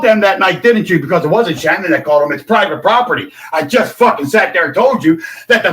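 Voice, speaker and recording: A man's voice: high voice, animated, a little fast, hardly any pauses, husky. Older man in a profane confrontational rant. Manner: confrontational, profane, shouts at times. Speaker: livestreamer. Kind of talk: angry livestream rant.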